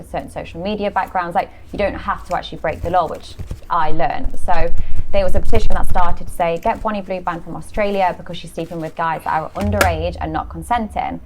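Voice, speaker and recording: Frank, lower-voiced woman guest. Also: fast talker, few pauses, slight background noise. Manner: frank, matter-of-fact. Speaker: interview guest. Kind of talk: casual interview.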